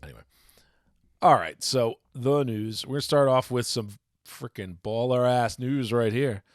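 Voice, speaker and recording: A man's voice: mid-range voice, a little slow, no room sound, clean studio sound. A man co-hosting a casual podcast, rambling and correcting himself as he goes. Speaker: podcast co-host.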